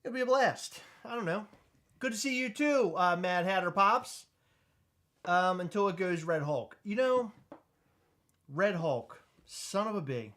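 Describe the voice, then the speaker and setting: A man co-hosting a podcast in casual chat, loud, joking and teasing. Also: high-pitched, animated, measured pace. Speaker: podcast co-host.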